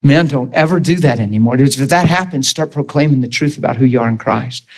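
A man's voice: medium pitch, brisk. A man preaching an informal sermon to a Bible school class, earnest and emphatic, laughing often and asking the room questions. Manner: laughs often, jokes with the class, acts out quoted voices.

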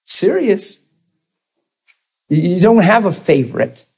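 A man preaching a sermon in a conversational, animated way, acting out the people he quotes. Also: sits high, slow, creaky, husky, rough recording.

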